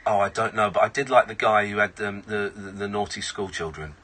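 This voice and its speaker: A man hosting a late-night comedic radio phone-in in a studio, animated and playfully exasperated. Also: fairly low pitch, a little fast. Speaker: radio host. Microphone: studio microphone.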